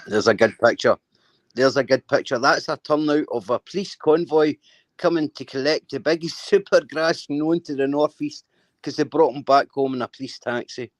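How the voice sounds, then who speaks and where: A man's voice: medium pitch, moderate pace, no room sound. A Scottish man talking casually on a live stream, blunt and swearing, often stammering and restarting. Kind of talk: casual chat.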